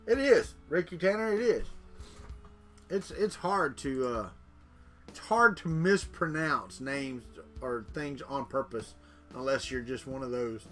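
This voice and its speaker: Bright-voiced man chatting live. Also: mid-range voice, animated, measured pace, faint music behind. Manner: chatty, reads viewer comments aloud, jokes. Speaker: livestream host. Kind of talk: casual live chat with viewers.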